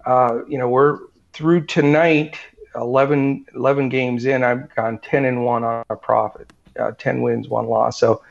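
A man with a gravelly, fry-laden voice talks loosely on a sports podcast. He rambles and restarts his sentences often. The recording sounds dull and lo-fi. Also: medium pitch, little pitch movement, a little slow. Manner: rambling, full of fillers and restarts. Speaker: podcast co-host. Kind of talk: casual sports betting chat.

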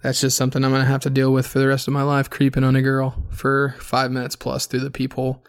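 A man's voice: medium pitch, monotone, quick pace, clean tone. A man hosting a podcast, rambling through a crude personal story in a casual monologue full of swearing. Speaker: podcast host.

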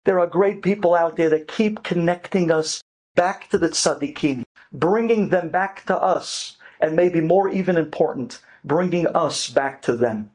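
A man, a rabbi and storyteller, telling a family story in an animated, dramatic way and mixing in Hebrew words. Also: on the high side, measured pace, breathy edge. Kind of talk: lively storytelling talk.

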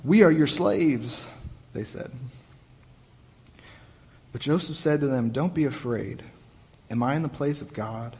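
A man's voice: medium pitch, measured pace, long pauses. A young man, a youth pastor, preaching a conversational sermon that retells the story in his own casual words. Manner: conversational, animated retelling with restarts. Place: church hall. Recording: long hall reverb.

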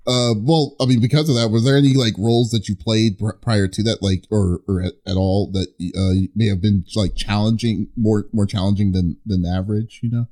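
A man hosting an interview, asking questions haltingly with many restarts and fillers. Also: on the low side, fairly even intonation, mellow. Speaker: interviewer host.

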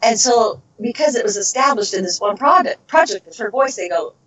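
Rambling middle-aged voice actress. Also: female voice, a little high, animated, a little fast, a bit bright, far from the mic. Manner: rambling, trails off into tangents. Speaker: voice actress, interview guest. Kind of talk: casual interview storytelling. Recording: dull lo-fi recording.

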